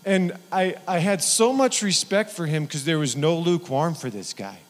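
A man's voice: on the high side, expressive, moderate pace. A middle-aged man preaching a sermon in a folksy, rambling way, with many restarts. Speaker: pastor. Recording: long hall reverb.

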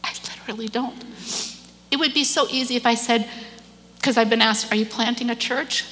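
A woman's voice: a little high, steady tone, a little fast, slight background noise. Earnest woman speaking in an echoing hall. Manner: earnest, emotional, drops to soft whispers. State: tearful at times. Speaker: church speaker. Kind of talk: personal testimony message. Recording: long hall reverb.

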